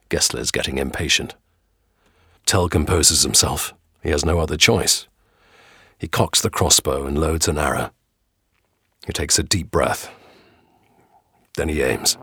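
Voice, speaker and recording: A man narrating a dramatic audio storybook with expressive storytelling. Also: a bass voice, measured pace, pauses often, slightly rough, no echo, clean studio sound.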